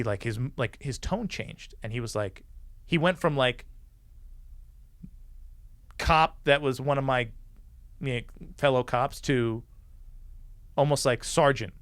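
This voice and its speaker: A former police officer, a man, telling a story as a podcast guest, animated and swearing freely as he acts out the people he quotes. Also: mid-range voice, no echo. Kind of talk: casual storytelling.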